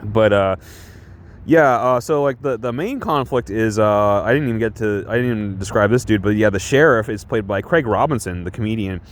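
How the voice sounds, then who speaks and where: This one is a casual chat reviewing a movie, delivered by a man whose voice sits fairly low and moves at an ordinary pace. His talk wanders, full of false starts and filler words, broken up by frequent chuckles.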